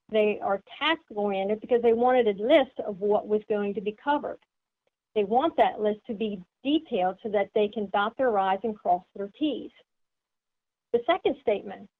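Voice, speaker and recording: A woman giving an instructional seminar talk, explaining step by step and acting out sample greetings. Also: on the high side. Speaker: seminar presenter. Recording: tinny phone-like sound.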